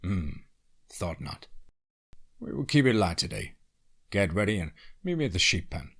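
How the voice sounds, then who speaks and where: A man's voice: deep voice, sing-song, normal speed, exaggerated voice. A man doing a curt, weary rancher.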